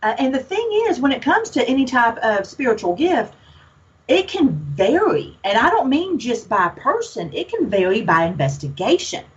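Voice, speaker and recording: A woman's voice: fairly high pitch, very animated, moderate pace, highs cut off. A woman from Alabama with a Southern accent, talking as a guest in a casual chat, outspoken and folksy. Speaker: podcast guest, paranormal investigator.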